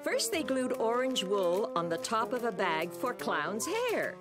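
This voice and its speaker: A woman narrates a preschool cartoon in a gentle, clear storytelling voice. Her pitch moves expressively, rising and falling through each sentence. Loud, bouncy children's music plays under her. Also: very animated, measured pace.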